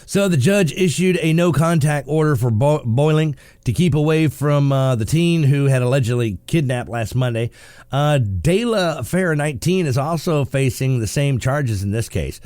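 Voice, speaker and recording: A man hosting a morning talk radio show, sarcastic and quick to laugh as he comments on the news. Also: a little high, animated, a little mellow, no echo, studio quality. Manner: joking and sarcastic, laughs often. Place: radio studio.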